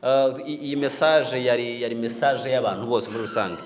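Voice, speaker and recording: A man's voice: mid-range voice, brisk, big-room sound. A man hosting a panel discussion, asking questions and mixing in English words. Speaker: host.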